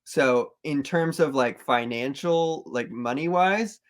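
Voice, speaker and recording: A man guesting on a podcast talks loosely about touring, filling his sentences with "like" and "um". His pitch sits in the middle of the range for men. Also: takes it slowly. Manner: loose, hedging with many fillers. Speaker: band member, podcast guest. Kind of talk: casual chat.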